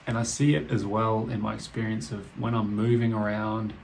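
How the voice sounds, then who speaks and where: A man with a low, gravelly voice muses through a reflective solo podcast. He speaks slowly and drops casual swear words. Soft rain patters faintly behind him. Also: level tone, slight background noise, low-quality recording. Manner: slow, musing, swears casually. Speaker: podcast host. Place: indoors with heavy rain outside. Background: rain ambience.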